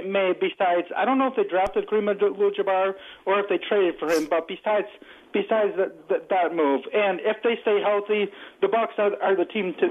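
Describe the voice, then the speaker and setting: A man calling in to a sports radio show, rambling and tripping over his words on a tinny phone line. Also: sits high. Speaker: caller. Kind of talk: phone-in call.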